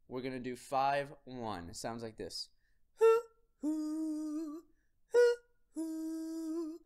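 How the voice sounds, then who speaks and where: A man teaching singers a quick vocal warm-up routine, giving upbeat, direct instructions to the viewer. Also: fairly high pitch. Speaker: singing teacher.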